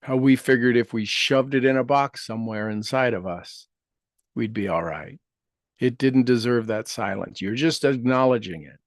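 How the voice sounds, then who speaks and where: A man leading a guided meditation, speaking affirmations slowly and gently, repeating each phrase with soft trailing endings. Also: medium pitch, dry recording, clean studio sound. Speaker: meditation leader.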